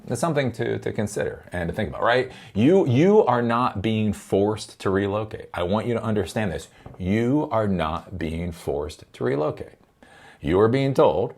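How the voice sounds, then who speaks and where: A man giving casual vlog commentary, rambling, swearing and laughing often. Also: lowish voice. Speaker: tech commentator.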